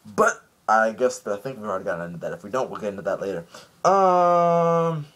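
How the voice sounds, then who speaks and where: A man giving a casual, rambling episode recap, full of "um" and "like", who jumps into quick high voices when he quotes characters. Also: lively intonation, a bit bright. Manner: rambling, chatty, frequent "um" and "like". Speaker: anime episode reviewer.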